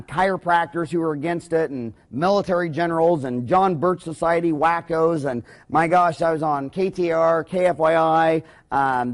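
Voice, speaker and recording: A man, a dentist delivering a rambling, impassioned business talk in a folksy way, often breaking into loud, excited bursts. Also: fairly high pitch.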